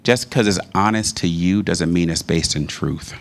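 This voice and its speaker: A man preaching a sermon in a conversational, animated storytelling manner. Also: sits low, moderate pace.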